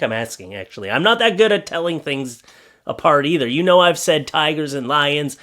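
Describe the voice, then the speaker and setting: A man's voice: fairly high pitch, animated, normal speed, fairly bright tone. A man hosting a comedic reaction video, reacting to pictures and clips with joking, sarcastic asides. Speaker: YouTube host.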